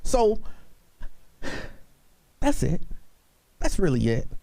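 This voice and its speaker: A man's voice: sits high, wildly swooping pitch, extremely slow, vocal fry, mellow, no echo. A man hosting a talk radio show, speaking earnestly and pleading with his listeners, repeating himself for emphasis. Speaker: radio host.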